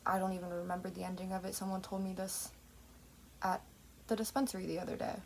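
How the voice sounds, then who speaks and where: A woman's voice: mid-range voice, gravelly, breathy edge. Rambling woman vlogger, swearing freely. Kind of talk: rambling casual monologue.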